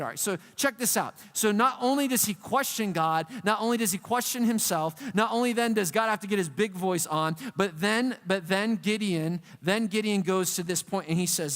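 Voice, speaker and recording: A man preaching a youth sermon in a casual, animated, slangy way. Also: high-pitched, fairly quick. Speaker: youth pastor. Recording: long reverb of a hall.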